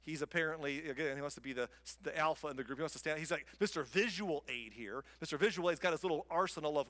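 A male pastor preaching in a relaxed, conversational manner. His voice sits somewhat high. A long reverb fills the hall around him. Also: fast. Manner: casual, conversational storytelling. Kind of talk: sermon.

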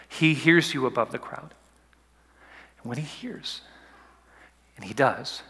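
Bright-voiced man preaching in an echoing hall. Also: mid-range voice, slow, long pauses, breathy edge. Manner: dramatic, swinging from soft whispers to loud urging. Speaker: pastor. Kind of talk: sermon.

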